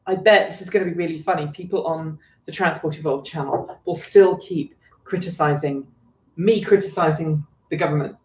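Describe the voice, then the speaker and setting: A woman's voice: sits low, moderate pace, darkish tone. Chatty British woman in a roomy room. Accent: British English. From Britain. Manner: rambling, self-deprecating, chuckles often. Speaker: co-host of an electric car show. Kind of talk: casual livestream chat. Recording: roomy echo.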